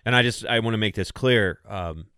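Deep, smooth-voiced male host. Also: moderate pace, sharp tone, no echo, clean studio sound. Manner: careful, conversational questioning. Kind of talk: casual interview.

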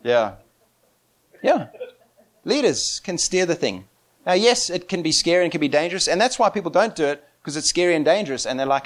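An excitable man preaching in a high voice with a very lively, swooping pitch. He tells his story in an animated way, laughs often and drops to a hush before jumping back up loud. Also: fairly quick. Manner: excitable, laughing often, big swings in loudness.

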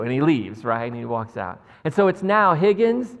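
A man's voice: medium pitch, sing-song, moderate pace, lo-fi sound. A man preaching a sermon as pastor, talking conversationally with lots of "like" and "right?" and joking with the congregation. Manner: jokes with the congregation. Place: church sanctuary. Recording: long church reverb.

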